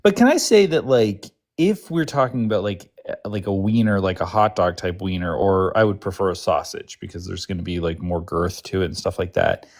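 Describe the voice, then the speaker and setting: A man's voice: deep voice, fairly quick, darkish tone. A man co-hosting a casual live chat, joking and trailing off hesitantly.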